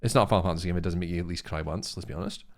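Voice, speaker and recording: A young man with a low voice that swings widely in pitch. He talks in a casual, rambling way, swears freely and gets easily excited about his subject. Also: rapid-fire, creaky. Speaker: co-host. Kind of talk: casual chat.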